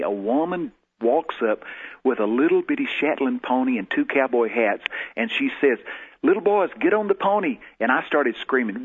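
A man's voice: mid-range voice, breathy edge. A man, a guest in an interview, telling personal stories in a folksy way and acting out the voices he quotes. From Texas. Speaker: guest prophet. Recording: tinny phone-like lo-fi sound.

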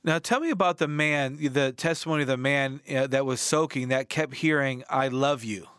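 A man's voice: medium pitch, normal speed, a bit bright, clear, resonant tone, dry recording, clean studio sound. A man hosting a Christian TV interview, asking questions in an earnest way with frequent fillers. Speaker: TV show host interviewing an author.

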